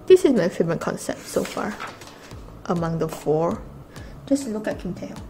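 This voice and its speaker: Gushing young woman, lively pitch. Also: moderate pace, slight background noise, low-quality recording. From Malaysia. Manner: gushing, gasping, with frequent breathy exclamations. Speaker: vlogger unboxing albums. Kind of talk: casual excited unboxing chat.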